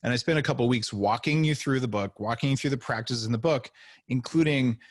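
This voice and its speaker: A man as a podcast guest, telling stories in a casual, animated way and acting out the dialogue. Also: medium pitch, a little fast, dry recording, clean studio sound. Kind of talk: casual interview storytelling.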